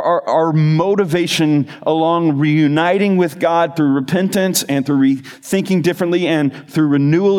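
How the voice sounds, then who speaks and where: A male pastor delivers an earnest sermon, stacking phrases in rhythmic lists and slowing down to press key words home. His speaking voice sits fairly high for a man. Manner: lowers to a quiet, soft voice in the closing appeal.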